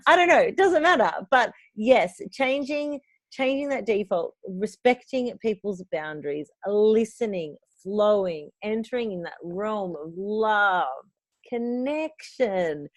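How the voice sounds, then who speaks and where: A woman's voice: mid-range voice, expressive, slow pace, no echo. A woman in her thirties co-hosting a podcast, talking in an enthusiastic, effusive casual chat. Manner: enthusiastic, effusive, restarts words. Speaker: podcast co-host.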